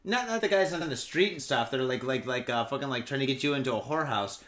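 A man's voice: mid-range voice, expressive, fast talker, a bit bright, slight background noise. A man co-hosting a podcast in casual chat, rambling with constant swearing and filler words. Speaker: podcast co-host.

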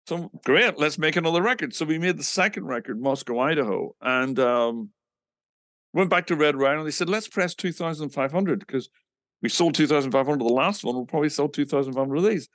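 Man from england, musician telling band stories, acts out the quotes, slightly raised pitch, dry sound. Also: a little fast, dry recording. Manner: animated, acts out quoted dialogue, swears casually. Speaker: musician recounting his band's history. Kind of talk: casual anecdotal storytelling.

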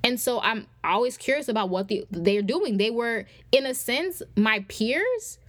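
A young adult woman with a high, fairly bright voice hosts a faith-based podcast, speaking in an animated but unhurried way. She teaches conversationally, like a preacher, addressing her listeners directly, with no echo on the recording.

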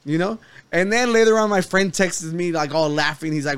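A man with a fairly high voice hosts a casual podcast. He tells a rambling story, stumbling over and repeating his words and laughing often among friends. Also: fairly quick, fairly bright tone, clear, resonant tone, no echo. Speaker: podcast host. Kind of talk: casual chat.

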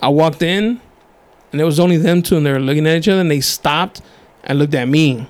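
A man telling stories in casual chat, acting out quotes and laughing often. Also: a little fast. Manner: animated storyteller, acts out quotes in high voices, laughs often.

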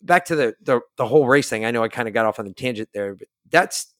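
A blunt man hosts a podcast and spins a profane story, acting out each side of the exchange. His voice sits at an ordinary middle pitch, and the sound is close and dry with no room around it. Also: lively intonation, quick pace, fairly bright tone, no echo. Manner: blunt, profane, acts out quoted dialogue. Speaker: podcast host. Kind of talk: casual storytelling chat.

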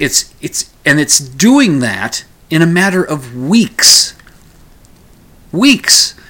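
Bright-voiced man musing on the news. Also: medium pitch. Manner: rambling, with frequent restarts and asides. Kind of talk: casual news commentary.

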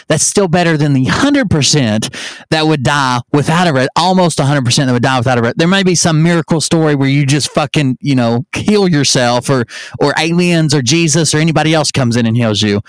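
A man's voice: fairly high pitch, expressive, fairly quick, dry recording. Profane ranting man in his thirties. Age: 30s. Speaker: podcast host. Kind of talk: live-stream podcast chat.

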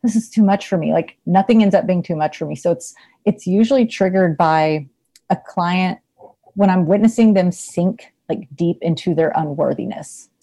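A woman with a fairly low, mellow and relaxed voice talks as a therapist in a casual interview. She is chatty, laughs easily and fills her sentences with "like" and "you know." Her tone stays loose and unhurried. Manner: chatty, laughs often, many fillers. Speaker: therapist, podcast guest.

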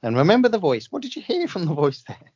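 A man co-hosting a comic chat, joking and putting on deep, slow voices of dead celebrities. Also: huge pitch swings, darkish tone, breathy edge, lo-fi sound. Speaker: podcast co-host. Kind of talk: comic chat, doing séance impressions.

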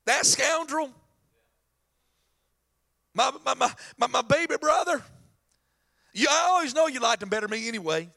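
A man voicing a resentful, indignant older son in a sermon retelling, shouting his complaints. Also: very high-pitched, lively intonation, moderate pace, gravelly, long pauses, full character voice.

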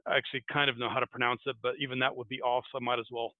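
An American podcast host chats casually, rambling and laughing at himself while retelling a folktale. His medium-pitched voice is flat and very fast, and the recording is tinny, phone-like, and dry with no echo.

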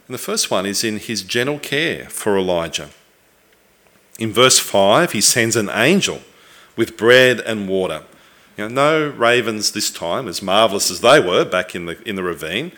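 A man preaching a sermon, earnest and reflective, with thoughtful pauses and the odd restart. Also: fairly low pitch, bright, forceful tone.

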